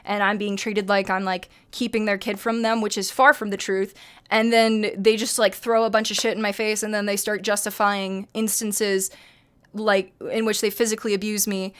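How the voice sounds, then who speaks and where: A woman's voice: medium pitch, level tone, normal speed, fairly bright tone, clean tone. A woman in her twenties venting to her stream chat, heated and emphatic, swearing often. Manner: heated, profane, emphatic ranting.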